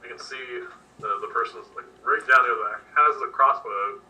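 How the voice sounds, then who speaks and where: A man's voice: medium pitch, fairly quick. A man narrating as game master, describing scenes in an easygoing way with lots of fillers. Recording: distant mic with faint noise.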